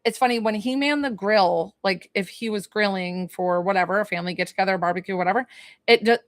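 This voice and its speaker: A woman's voice: mid-range voice, quick pace, dry recording. A young adult woman working as a psychic medium in a live-streamed reading, talking in a chatty, hesitant way with many fillers and questions.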